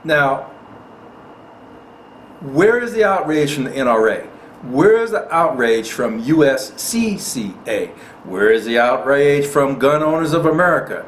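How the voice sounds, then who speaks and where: With big swings in pitch, a mid-range male voice speaks a little slowly as a gun rights channel host delivering impassioned, indignant commentary and repeating lines for emphasis. The room is echoey with faint background noise.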